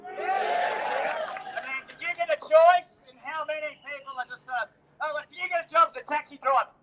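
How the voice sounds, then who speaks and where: A man's voice: very high-pitched, moderate pace, fairly bright tone, low-quality recording. An Australian man speaking at an outdoor rally, blunt and slangy.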